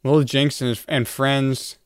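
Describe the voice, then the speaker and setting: A man's voice: medium pitch, flat delivery, slow, clean tone, no echo, studio quality. A man answering trivia questions in a casual podcast chat, laid-back and wry. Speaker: quiz contestant.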